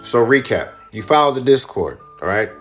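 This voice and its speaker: A man's voice: mid-range voice, big pitch swings, moderate pace, soft background music. A man hosting a podcast, giving repetitive step-by-step instructions in a teasing way and putting on a British accent. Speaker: podcast host. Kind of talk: recorded promo announcement.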